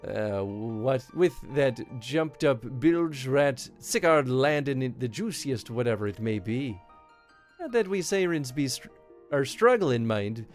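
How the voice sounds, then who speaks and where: A man's voice: medium pitch, expressive, a little slow, soft background music, natural voice. A man voicing a sly, proud seafaring pirate woman in a put-on Irish accent while reading game dialogue aloud. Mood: wry. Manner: broad put-on brogue, folksy sailor's talk.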